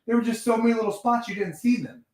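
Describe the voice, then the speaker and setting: A man's voice: very high-pitched, steady tone, fast, darkish tone, far from the mic. A man hosting a casual wrestling podcast, telling rambling, profane stories about his week. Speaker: podcast host. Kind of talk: casual chat. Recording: roomy, from off the mic.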